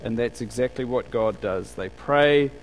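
A man's voice: mid-range voice, measured pace, slight background noise, poor audio. A man preaching a conversational sermon in a church, asking the congregation rhetorical questions and acting out what people say. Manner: acts out quoted speakers in a livelier voice. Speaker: pastor.

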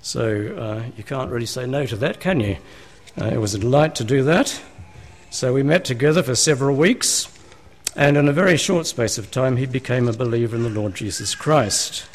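A man preaching in an easy, conversational way, a pastor working through scripture with his congregation. His voice sits at a middle pitch, and he often turns to his listeners with rhetorical questions. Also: normal speed. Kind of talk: sermon. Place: church.

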